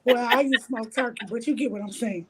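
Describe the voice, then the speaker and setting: A woman's voice: fairly high pitch, fairly quick, breathy edge. A woman guest in an interview, telling a candid story bluntly and profanely, acting out the lines of others. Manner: animated, blunt and profane, acts out quoted dialogue. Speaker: interview guest, reality show cast member.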